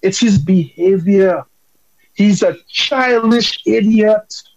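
A man's voice: high-pitched, slow pace, no echo, dull audio. A man from Dominica calling in with impassioned, emphatic political commentary.

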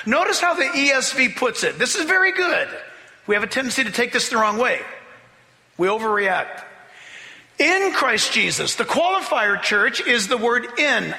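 A man with a very high, bright voice preaches a sermon in a church sanctuary. He swings his pitch widely and drags out key words for emphasis. The sound rings with a long hall reverb. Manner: animated preaching, drawn-out emphasis. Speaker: pastor.

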